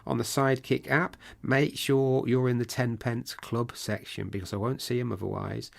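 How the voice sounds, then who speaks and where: Chatty gravelly podcast host. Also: male voice, medium pitch, flat delivery, moderate pace. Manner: chatty, rambling, jokey. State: voice going hoarse. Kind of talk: casual podcast chat.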